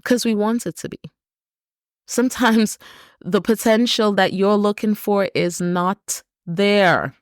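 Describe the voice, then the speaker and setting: A woman's voice: mid-range voice, takes it slowly, dry recording, studio quality. A woman hosting a solo podcast, talking earnestly and reflectively, building points through emphatic repeated lists. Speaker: podcast host.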